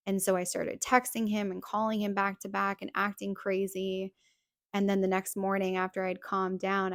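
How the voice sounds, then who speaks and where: A woman's voice: medium pitch, vocal fry, no echo, clean studio sound. A young woman hosting a podcast, telling a personal story in a casual, chatty way full of "like" fillers. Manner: chatty, heavy use of "like" fillers. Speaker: podcast host.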